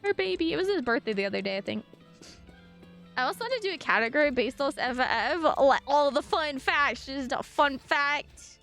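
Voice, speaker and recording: A woman's voice: high voice, expressive, moderate pace, a bit bright, faint music behind. A young woman from French Canada chatting casually on a live stream, bubbly and rambling, with lots of fillers and sudden squeals. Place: home streaming room.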